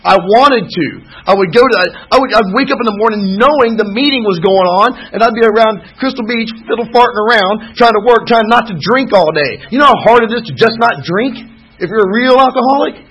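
A man's voice: sits high, a little fast, a bit bright, slightly rough. Man rambling through a candid recovery story. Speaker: speaker sharing at a recovery meeting. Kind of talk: personal recovery testimony. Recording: muffled lo-fi recording.

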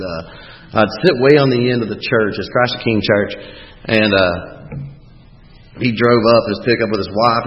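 Plain-spoken man, blunt and profane, roomy hall echo, dull lo-fi sound. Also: on the low side. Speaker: recovering alcoholic speaker. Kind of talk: personal recovery talk.

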